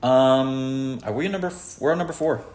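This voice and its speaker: A man hosting a casual podcast, joking around and talking in halting stops and restarts. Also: mid-range voice, darkish tone. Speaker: podcast host. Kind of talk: casual chat. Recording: roomy echo.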